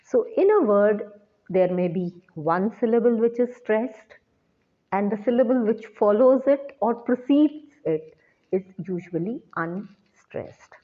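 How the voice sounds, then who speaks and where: A woman teaching an English lesson in a measured, deliberate way, repeating her key points. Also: a little high, expressive. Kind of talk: slow lecture. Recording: dull lo-fi recording.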